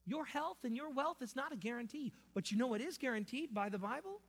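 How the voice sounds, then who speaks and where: A man preaching a sermon as pastor, building to slow, emphatic peaks. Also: extremely high pitch, expressive, husky. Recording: long hall reverb.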